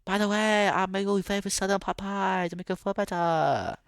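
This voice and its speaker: Sweet older housekeeper with a slow drawl, a man putting her on, pitched up. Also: fairly even intonation, vocal fry, fairly bright tone, smooth, no echo, clean studio sound. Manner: slow drawl, put-on accent.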